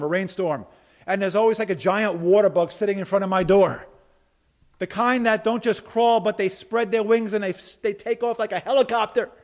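A male pastor preaching a sermon with animated delivery, acting out quoted lines and dropping to soft emphasis. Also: high-pitched.

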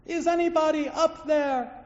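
A preacher acting out a terrified man hanging over a valley, shrieking upward in high, strained cries for help. The shouts ring out in a big echoey hall, heard from a little way off on a dull, lo-fi recording. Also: steady tone, moderate pace. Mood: desperate. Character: desperate man hanging from a cliff.

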